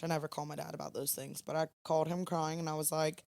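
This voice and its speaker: A woman's voice: low voice, flat delivery, fast talker, gravelly, a little mellow, no room sound. A young woman, co-hosting a podcast, telling a rambling story late at night, tired and yawning. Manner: chatty, rambling storyteller with fillers. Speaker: podcast co-host.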